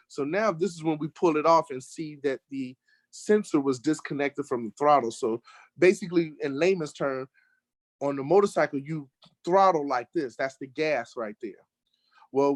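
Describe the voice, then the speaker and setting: Animated American man telling a road story. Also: on the high side, dry recording. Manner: animated storyteller, rising sharply when acting out arguments. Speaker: guest telling a travel story. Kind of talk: casual storytelling in an online talk show.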